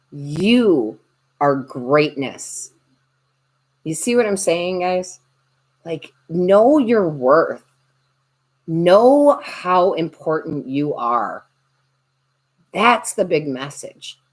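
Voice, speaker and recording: A woman's voice: on the low side, big pitch swings, very slow, pauses often. A woman tarot reader and medium chatting on a livestream, joking and reading viewer comments aloud. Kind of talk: casual livestream chat.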